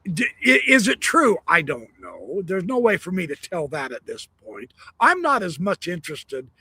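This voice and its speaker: Husky guy hosting a stream, slow and thoughtful, bright tone. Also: high-pitched, wildly swooping pitch, no room sound. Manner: slow, reflective, drawn-out phrasing. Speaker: host. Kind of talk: live stream commentary.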